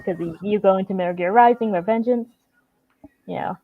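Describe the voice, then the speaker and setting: A woman guest on a livestream talk show, chatting casually and relaxed, with lots of "like" and "you know" fillers. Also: medium pitch, fairly quick, phone-quality sound, background noise. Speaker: guest streamer. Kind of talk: casual chat.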